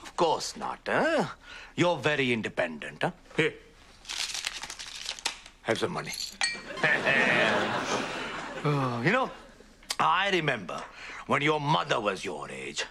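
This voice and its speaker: A man's voice: mid-range voice, wildly swooping pitch, takes it slowly, long pauses, sharp tone, exaggerated voice. An actor playing a boastful, bossy middle-aged British Pakistani father with a Pakistani accent, on a noisy sitcom soundtrack. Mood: fatherly. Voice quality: boastful, bossy, self-satisfied.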